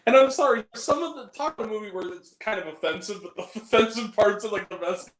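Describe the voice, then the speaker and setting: A man hosting a live stream, chatting casually and a little tired, animated and given to laughing and acting out lines. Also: sits high, fast, reverberant, poor audio. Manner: animated, laughing, acts out film quotes. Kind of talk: casual chat.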